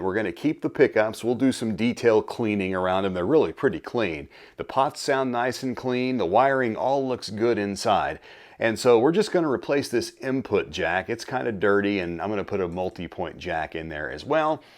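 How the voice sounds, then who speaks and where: A middle-aged man with a fairly low voice hosts a relaxed workshop vlog. His pitch rises and falls freely as he talks in a folksy, unhurried way, with friendly asides and the odd filler. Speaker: channel host restoring guitars. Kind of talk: casual workshop how-to vlog.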